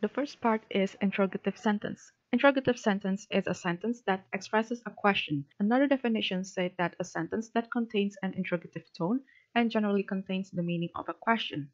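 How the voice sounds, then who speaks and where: A woman's voice: medium pitch, brisk. Woman reading a formal research talk. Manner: steady, formal reading with a few fillers. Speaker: research presenter. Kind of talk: reading a prepared academic presentation. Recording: dull lo-fi recording.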